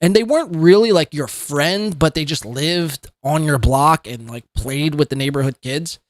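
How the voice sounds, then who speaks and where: A man's voice: a little high, moderate pace, no echo, clean studio sound. A male podcast host giving mocking commentary, sarcastic and laughing at what he reacts to.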